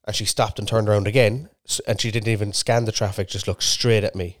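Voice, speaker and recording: A man's voice: fairly low pitch, little pitch movement, fast talker, few pauses, no echo. Sweary man telling a story. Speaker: podcast co-host. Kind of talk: casual chat.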